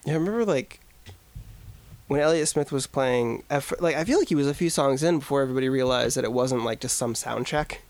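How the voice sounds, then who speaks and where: A man with a gravelly edge to his voice, talking loosely as a podcast co-host. He rambles and jokes with plenty of fillers, recorded close and dry with no room sound. His pitch sits mid-range. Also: a little fast, a little mellow, no echo. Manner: rambling, filler-heavy, jokey. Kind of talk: casual chat.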